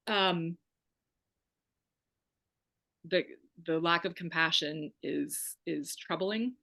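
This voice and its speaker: A woman's voice: on the low side, very slow, vocal fry, pauses often, sharp tone. A woman guest on a podcast, telling her own story in an emphatic, wry, candid way. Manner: emphatic, wry, acts out quoted voices.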